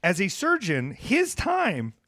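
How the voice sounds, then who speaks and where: A man hosting a podcast in casual chat, an animated storyteller who bursts into loud acted-out bits. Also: sits high, slow, no echo, clean studio sound. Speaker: podcast host. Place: near Atlanta.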